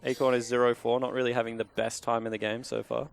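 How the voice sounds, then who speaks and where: Relaxed male esports analyst. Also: medium pitch, quick pace, creaky, slight background noise. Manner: relaxed analytical, casual fillers. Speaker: esports color commentator. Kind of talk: analytical color commentary.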